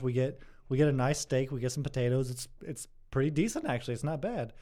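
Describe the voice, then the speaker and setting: A man co-hosting a casual podcast, telling jokes with a cocky, playful manner and putting on quick voices for the characters. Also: mid-range voice, mellow. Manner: playful, cocky storyteller who puts on voices for his characters. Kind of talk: casual chat, joke telling.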